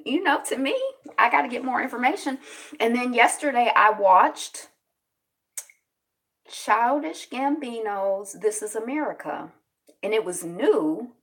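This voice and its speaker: A middle-aged woman hosts a relaxed live commentary on the news and talks straight to her viewers in the chat. Her voice sits a bit high and leaps up and down constantly. She now and then bursts into loud exclamations. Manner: chatty, greets viewers in the chat, quick laughs; animated, breaks into loud exclamations. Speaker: host of a news commentary channel. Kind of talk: casual live-stream commentary.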